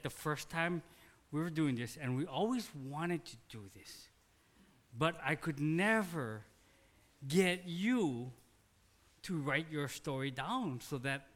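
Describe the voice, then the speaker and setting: A man's voice: fairly high pitch, a bit bright. A man, the church pastor, chatting informally and joking as he introduces a member. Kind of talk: casual church announcement. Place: church sanctuary.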